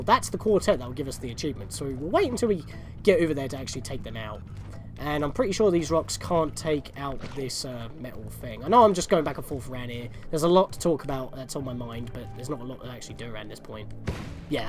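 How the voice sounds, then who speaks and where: A young man rambles through casual commentary over a video game walkthrough, often correcting himself mid-sentence. His mid-range voice moves fast with lively intonation, and game music plays faintly in the background.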